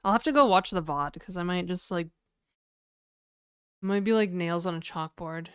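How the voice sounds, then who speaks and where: A woman's voice: fairly low pitch, moderate pace, clean tone, dry recording, studio quality. A woman live-streaming, chatting casually and reading her chat aloud, with lots of fillers.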